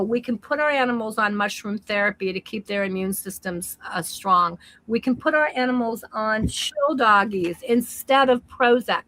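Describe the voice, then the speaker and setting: Bright-voiced earnest woman host. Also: fairly high pitch, no room sound, low-quality recording. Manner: earnest and advising, with frequent restarts and ums. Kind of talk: casual opinion talk.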